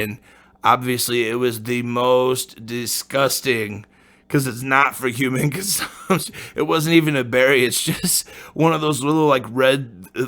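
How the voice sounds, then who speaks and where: A man's voice: medium pitch, sharp tone. A man hosting a podcast, telling a story in a rambling, casual way, full of slang and swearing, laughing often. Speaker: podcast host.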